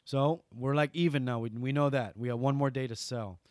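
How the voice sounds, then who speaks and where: Hawaiian guy telling stories on an interview, gets loud then drops quiet, dry sound. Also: medium pitch, a little fast, dry recording. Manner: animated, swings from loud bursts to soft asides. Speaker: guest entertainer. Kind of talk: storytelling interview.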